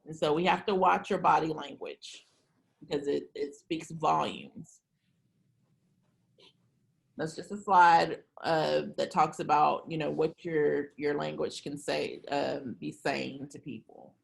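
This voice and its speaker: Gravelly-voiced trainer in casual talk. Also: mid-range voice, fairly even intonation, slow. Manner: casual, chatty storytelling.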